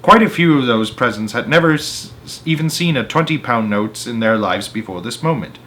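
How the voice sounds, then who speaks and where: A man reading a children's book aloud, expressive, with small slips and restarts. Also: medium pitch, moderate pace. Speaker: storyteller.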